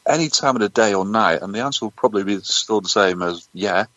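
A man with a Northern English accent trades deadpan jokes on a comedy podcast. His low voice has a sharp, bright edge, and it comes through a dull lo-fi mic into a dry room. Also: fast, dry recording. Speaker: podcast co-host. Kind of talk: crude comedy podcast banter.

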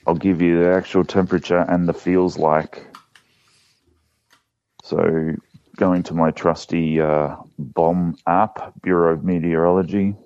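Co-host, man from Australia, very low voice, deadpan, dry dull sound. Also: unhurried, no echo. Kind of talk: casual chat.

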